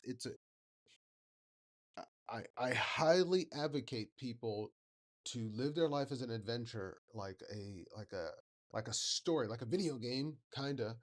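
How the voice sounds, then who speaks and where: A man hosting a reaction video, giving thoughtful commentary and searching for words with many fillers. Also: mid-range voice. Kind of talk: reflective commentary.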